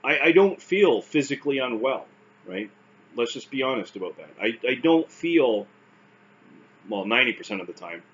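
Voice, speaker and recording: A man's voice: medium pitch, fairly bright tone, lo-fi sound, slight background noise. A man with a Canadian accent talking casually to camera, wry and self-deprecating, with frequent fillers and restarts. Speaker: vlogger recounting stroke recovery.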